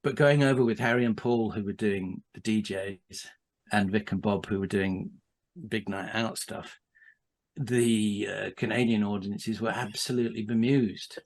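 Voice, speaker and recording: A man's voice: fairly low pitch, fairly even intonation, measured pace. A man, a podcast guest, telling a casual anecdote with frequent restarts, asides and laughter.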